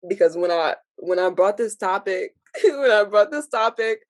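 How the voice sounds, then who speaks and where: A woman co-hosting a podcast, speaking slowly and with feeling, close to tears and laughing through them. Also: medium pitch, lively intonation, dry recording. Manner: tearful, slow and heartfelt, laughing through tears. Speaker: podcast co-host. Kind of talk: emotional casual podcast talk.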